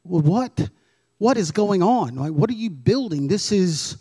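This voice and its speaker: A pastor voicing curious ancient villagers puzzled by a huge boat. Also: male voice, high voice, lively intonation, a little slow, dark tone, husky, heavily acted. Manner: puzzled, questioning.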